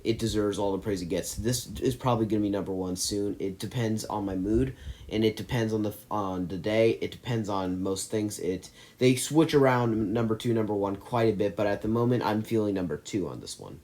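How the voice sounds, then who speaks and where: A man's voice: fairly low pitch, brisk, darkish tone. A man hosting a movie channel, ranking his favorite films in a casual, enthusiastic and rambling way, with frequent restarts.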